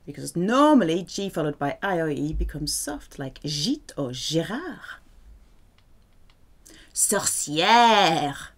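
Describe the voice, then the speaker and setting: Woman, French teacher, slow deliberate delivery, lowish voice, patient vocabulary lesson. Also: sing-song. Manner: patient, repeats words slowly with clear pronunciation.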